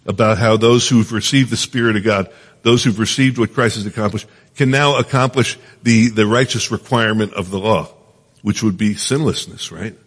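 Middle-aged guy preaching, low husky voice, earnest and chatty, keeps asking "right?", lots of hall echo. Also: fairly even intonation, normal speed. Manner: earnest, asks the listeners often, many restarts. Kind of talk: conversational Bible teaching. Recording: long hall reverb.

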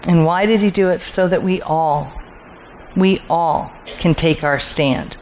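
Slow, deliberate Bible teacher. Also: mid-range voice, a little mellow, slight background noise. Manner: asks rhetorical questions and answers them; repeats key phrases for emphasis.

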